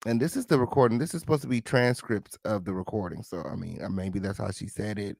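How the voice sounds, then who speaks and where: A man's voice: fairly low pitch, fast talker, creaky, few pauses, a little mellow, no room sound, studio quality. A man hosting an online show, reading court documents aloud to his live chat and commenting on them in a sarcastic, slangy way, with mocking quoted voices. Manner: sarcastic, slangy, talks back to the text.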